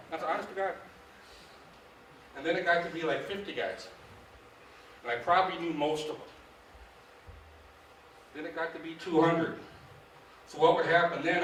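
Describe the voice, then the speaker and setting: Middle-aged fishing guide, folksy and animated storyteller, distant mic in a boomy hall. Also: male voice, slight background noise. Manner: folksy, animated, acts out quoted dialogue. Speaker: fishing guide giving a club talk. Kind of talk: casual storytelling to a club audience. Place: meeting hall. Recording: echoey room, distant mic.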